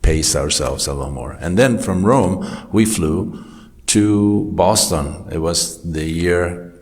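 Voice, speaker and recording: Very deep-voiced man giving a temple class. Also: takes it slowly, darkish tone. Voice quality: anecdotal, conversational storytelling. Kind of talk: informal scripture class talk. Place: temple hall.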